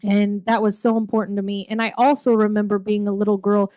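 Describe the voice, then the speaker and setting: A woman around forty, chatting candidly on a podcast about raising kids. She rambles a bit, restarting sentences and leaning on fillers, in an average-pitched voice with a dry, close sound. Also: flat delivery, fairly quick, warm tone, dry recording. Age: 40s. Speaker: podcast co-host. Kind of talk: casual chat.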